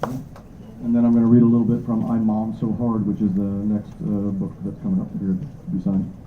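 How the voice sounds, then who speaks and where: A man's voice: lowish voice, flat delivery, a little fast. A man, an author at a bookstore signing, chatting casually and self-deprecatingly to an audience. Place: bookstore event room. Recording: echoey, tinny phone-like audio with faint noise.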